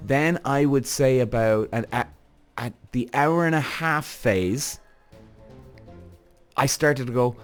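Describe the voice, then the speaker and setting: A man hosting a podcast in a casual monologue, animated, swearing freely and acting out his own thoughts. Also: medium pitch. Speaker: podcast host.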